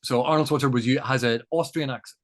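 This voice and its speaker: Male interview guest, mid-pitched, measured explainer who talks in examples. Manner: thoughtful, lecturing, builds points with examples.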